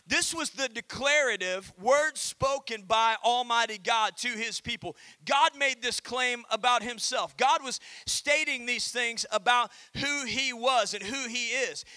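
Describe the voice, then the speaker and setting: A man pastor preaching a sermon, calling out to the congregation and reading scripture with emphatic pauses. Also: very high-pitched, sharp tone, clean tone, dry recording. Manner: emphatic preaching with call-and-response.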